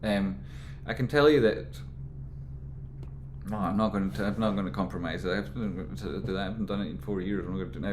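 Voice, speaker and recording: A man's voice: lowish voice, brisk, slight background noise. Rambling man talking stocks in echoey room. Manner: rambling, animated, exasperated rants. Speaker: market commentary host. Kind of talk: casual stock market commentary.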